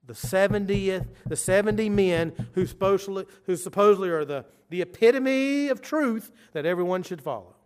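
A man preaching a sermon, moving from quiet explanation to urgent, emphatic declarations. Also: high voice, moderate pace, hardly any pauses, clear, resonant tone. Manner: emphatic, swings from quiet asides to urgent loud stresses.

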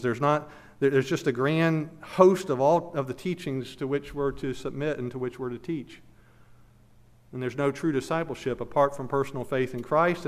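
A man preaching an expository sermon as pastor, earnest and emphatic, repeating key phrases, then leading a prayer. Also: medium pitch.

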